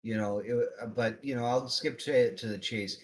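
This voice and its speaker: A male player in a tabletop game, talking in character with formal courtesy and a good deal of hesitation. His voice sits at a middle pitch. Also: moderate pace, a little hiss or hum. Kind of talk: in-character roleplay.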